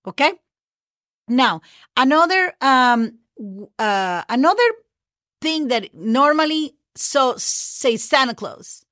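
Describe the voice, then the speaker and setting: A woman's voice: high-pitched, animated, slow, long pauses, a bit bright, no echo, studio quality. A woman from northern Mexico, a native Spanish speaker with a Mexican accent, teaching holiday vocabulary in a casual podcast lesson and spelling words out letter by letter. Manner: spells words letter by letter, frequent okays and fillers.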